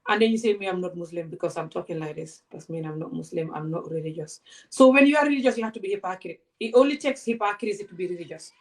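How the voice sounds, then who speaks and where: A woman's voice: fairly low pitch, quick pace. Woman w/ ranting to camera, heated, keeps throwing questions at her viewers. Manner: passionate, confrontational, many rhetorical questions. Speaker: vlogger. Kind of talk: direct-to-camera rant.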